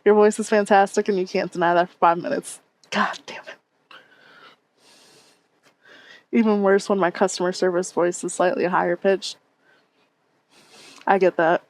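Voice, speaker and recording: A woman's voice: on the low side, little pitch movement, fairly quick, darkish tone. Chatty woman streamer on a headset. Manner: chatty, laughs often, reads and answers chat. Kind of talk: casual chat with stream viewers. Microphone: headset mic.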